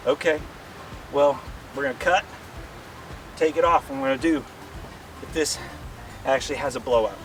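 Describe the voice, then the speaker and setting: A man hosting a casual outdoor vlog, with a joking, folksy, excitable way of talking. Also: mid-range voice, moderate pace, long pauses, far from the mic, soft background music. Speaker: RV vlog host. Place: outdoors by a vehicle.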